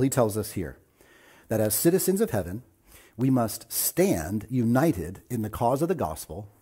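Husky, mellow-voiced male pastor preaching. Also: medium pitch. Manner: earnest preaching, builds to emphatic points. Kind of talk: sermon.

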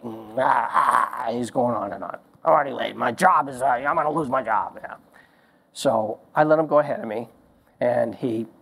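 A man preaching a sermon as a pastor, telling stories in slow, emphatic phrases. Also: mid-range voice.

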